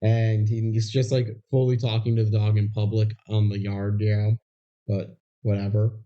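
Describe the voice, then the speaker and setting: A man's voice: fairly low pitch, level tone, moderate pace. Man recapping a movie in a dull lo-fi recording. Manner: retells scenes, acting out lines. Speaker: podcast co-host. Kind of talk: casual movie recap chat.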